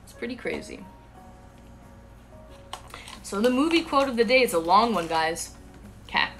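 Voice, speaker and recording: A woman's voice: fairly high pitch, animated, normal speed, a bit bright, faint music behind. A woman streaming live, chatting casually and talking straight to her viewers. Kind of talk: casual livestream chat.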